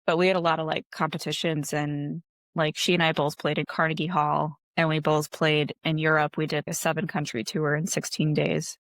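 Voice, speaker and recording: A woman's voice: low-pitched, level tone, normal speed. A woman from Wisconsin in her thirties, a guest chatting casually in an interview, laid-back and full of "like" fillers.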